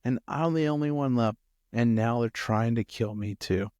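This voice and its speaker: A man's voice: on the high side, very animated, moderate pace, no room sound, studio quality, voice pushed up. A man voicing an exasperated prophet who complains and pities himself. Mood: exasperated complaining. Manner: aggrieved, breathless complaining.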